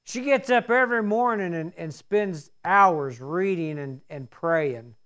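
A high-pitched middle-aged man delivers a homespun sermon. He drifts into folksy stories and plain-spoken asides between points of faith. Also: lively intonation, unhurried, a bit bright. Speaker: preacher.

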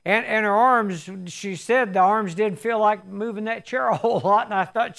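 A man's voice: high voice, moderate pace, gravelly, few pauses, fairly bright tone. A man preaching a sermon, telling a personal testimony in an earnest way and rising to fervent emphasis.

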